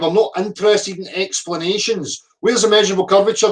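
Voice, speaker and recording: A man's voice: sits high, steady tone, brisk. A middle-aged man, ranting profanely at viewer comments, abrasive and mocking. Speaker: flat earth video commentator. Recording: voice a bit distant from the mic.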